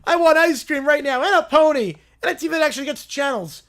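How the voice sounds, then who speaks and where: A man pushes his voice up very high to play a whiny, crying little preschool boy who sulks and complains about everything. The delivery is fast and fairly bright, with a whiny mood throughout.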